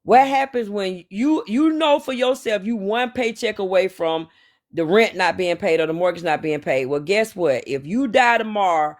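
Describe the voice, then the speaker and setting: Animated storyteller man in his forties. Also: sits high, normal speed. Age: 40s. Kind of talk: casual chat.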